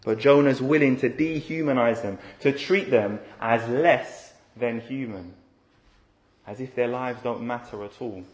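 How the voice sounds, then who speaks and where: A man's voice: medium pitch, unhurried, roomy sound. A man preaching an expository sermon in a conversational way, often tagging rhetorical questions onto his points.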